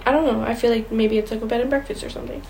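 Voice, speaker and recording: A woman's voice: a little high, steady tone, rapid-fire, a little mellow, slight background noise, poor audio. A young woman co-hosting a casual chat show, reading ghost stories aloud and stumbling over words now and then. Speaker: podcast co-host.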